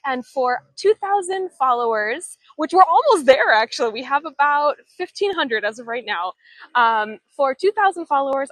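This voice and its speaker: A woman's voice: high voice, fairly bright tone, dry recording. Chatty woman guiding a live walking tour. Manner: chatty, answers viewers' comments as she walks. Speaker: live-stream tour guide. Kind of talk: casual live-stream walking tour chat. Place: outdoors in an old town street. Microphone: handheld camera or phone she turns while walking.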